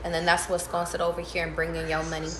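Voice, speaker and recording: A woman's voice: on the low side, monotone, racing, reverberant, a crowd in the background. A woman giving casual tarot readings to her viewers, talking emphatically with lots of profanity, repeating and restarting her phrases. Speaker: tarot reader.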